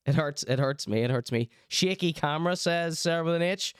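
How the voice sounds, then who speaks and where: A man's voice: mid-range voice, animated, fast talker, clear, resonant tone, dry recording, studio quality. A man giving teasing, chatty live-stream commentary on clips. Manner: teasing, chatty, mock-outraged asides.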